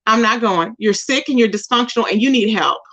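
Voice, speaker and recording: A woman's voice: fairly high pitch, fairly quick, fairly bright tone. A woman hosting her own commentary channel, ranting and scolding someone directly and repeating their name. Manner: scolding, confrontational, keeps repeating the target's name. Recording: dull lo-fi recording.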